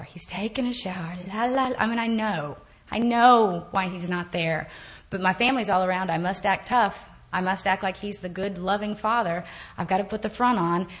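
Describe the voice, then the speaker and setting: A woman's voice: lowish voice, a bit bright. A woman giving a candid personal testimony at a recovery meeting, self-mocking and laughing often as she talks. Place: hall with podium.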